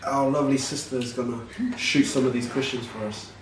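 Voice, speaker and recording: A man co-hosting a casual mukbang vlog, talking in a relaxed, hesitant way with many ums. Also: mid-range voice, a little fast, reverberant, recorded from a distance, a little hiss or hum, poor audio. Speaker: vlog co-host.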